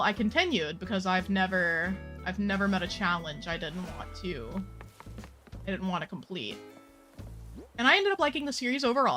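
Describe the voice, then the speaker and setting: A woman live-streaming a game, chatting in a casual, playful way and tossing out blunt opinions between moves. Her voice sits at an ordinary pitch for a woman, and soft game music plays behind her.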